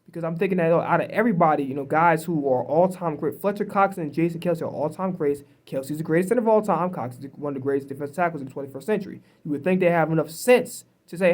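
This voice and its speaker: In this self-recorded camera clip, a frustrated sports commentator vlogger rants with a fairly high, slightly mellow voice, talking quickly with hardly any pauses. He swears heavily and stays angry and emphatic. He's upset, and whenever he gets worked up he trips over repeated restarts.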